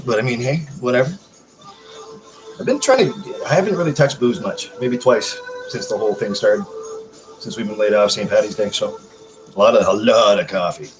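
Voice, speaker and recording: Crude, joking man chatting on a live stream. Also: mid-range voice. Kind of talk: casual live-stream chat. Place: home.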